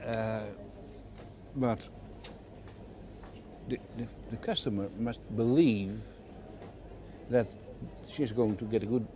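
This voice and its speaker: An older man, giving an interview and recalling his retail career in halting, repeated phrases. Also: on the low side, darkish tone. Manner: halting, repeats words while searching for phrasing. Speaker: interviewee, former retail executive. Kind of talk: reflective conversational interview. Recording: noisy background hiss.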